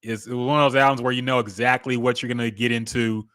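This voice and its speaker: A man's voice: mid-range voice, steady tone, fast, a bit bright, clear, resonant tone, no room sound, studio quality. A man co-hosting a music podcast, giving laid-back, candid opinions in casual chat. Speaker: podcast co-host.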